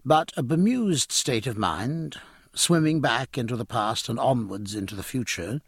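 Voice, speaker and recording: A man reading a novel aloud in expressive, measured scripted narration. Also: medium pitch, husky, no room sound, clean studio sound. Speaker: audiobook narrator.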